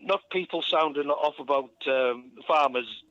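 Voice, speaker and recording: Man from cumbria, phone-in caller, jokey and rambling, bright voice, dull tinny phone line. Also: medium pitch, unhurried, dry recording. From Cumbria, northern England. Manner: jokey, rambling, laughs often. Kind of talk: casual phone chat.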